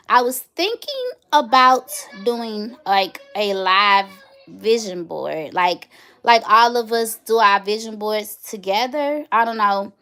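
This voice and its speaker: A woman in her thirties hosting a casual livestream, chatting straight to her viewers and telling stories with animated energy. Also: fairly high pitch. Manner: chatty, animated storytelling, addresses viewers directly. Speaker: livestream host.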